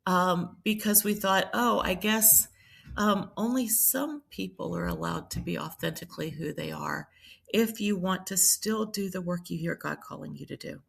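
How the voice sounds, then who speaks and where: A woman's voice: lowish voice, moderate pace, vocal fry. A middle-aged woman from South Carolina, a priest and nurse telling her life story in a podcast interview, reflective and full of ums and restarts. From Charleston, South Carolina.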